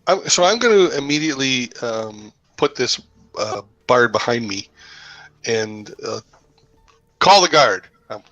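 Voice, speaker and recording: Bright-voiced man playing a tabletop game. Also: medium pitch, measured pace, no echo, highs cut off. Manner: hesitant, full of filler words. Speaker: player. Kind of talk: casual tabletop game talk.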